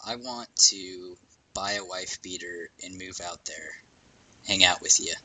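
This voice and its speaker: A man's voice: sits low, a little slow, pushed and bright. A man chatting on a podcast with friends, asking questions and teasing. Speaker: podcast co-host. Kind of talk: casual chat.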